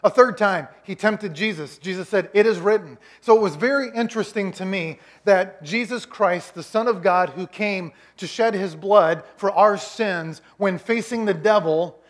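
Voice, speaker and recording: Man, pastor, sermon, high-pitched, emphatic, storytelling. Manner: storytelling, emphatic, rhetorical questions.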